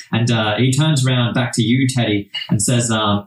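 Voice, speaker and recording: A man narrating as game master in a relaxed, hesitant way, with lots of fillers and restarts. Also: medium pitch, fairly quick, hardly any pauses. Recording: roomy, distant mic.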